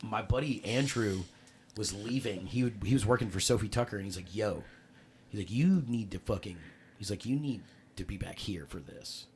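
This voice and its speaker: A man, a podcast guest, telling a story in casual chat, animated and full of cursing and acted-out quotes. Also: fairly low pitch, normal speed, a little hiss or hum.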